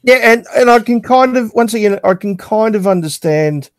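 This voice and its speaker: A man's voice: high-pitched, animated, normal speed, no room sound. A man co-hosting a casual movie review podcast, talking hesitantly with frequent restarts. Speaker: podcast co-host.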